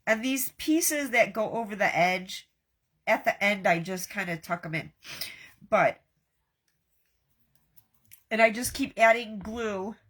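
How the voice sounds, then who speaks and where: A middle-aged woman, hosting a live craft tutorial and chatting warmly and folksily with her viewers. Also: mid-range voice, slow pace, long pauses. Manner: warm, talks straight to viewers with folksy asides. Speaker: craft host.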